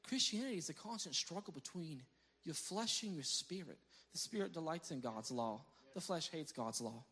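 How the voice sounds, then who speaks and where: Slightly high and a bit breathy, this man's voice holds a moderate pace as he preaches a conversational sermon as pastor. His storytelling is animated and punctuated by laughter, and he restarts phrases, repeating words along the way.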